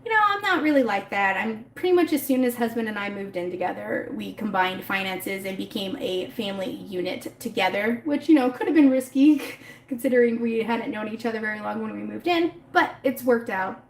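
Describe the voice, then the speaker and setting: A woman's voice: mid-range voice, brisk, echoey room. A woman hosting a casual livestream, reading and answering viewer comments in a rambling, chatty way, talking into her phone. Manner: chatty and rambling, laughs often. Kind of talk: casual live chat.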